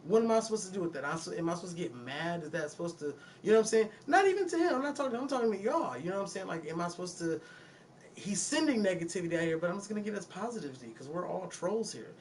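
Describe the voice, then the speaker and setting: A music producer from Detroit, USA, talks loosely and profanely to his livestream viewers from a recording studio, laughing between remarks. His Detroit-accented voice is high, very animated and very fast, with slight background noise.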